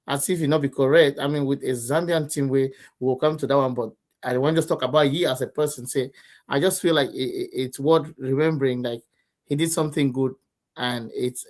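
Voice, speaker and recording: A man's voice: a little high, darkish tone. A man with a Nigerian accent making earnest points in a casual football chat, repeating himself as he builds each point. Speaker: co-host.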